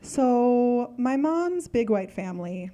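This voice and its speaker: A woman's voice: a little high, very animated, slow, dark tone, slight background noise. Chatty young woman doing stand-up. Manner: chatty, full of "like" fillers. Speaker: stand-up comedian. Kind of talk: stand-up comedy set.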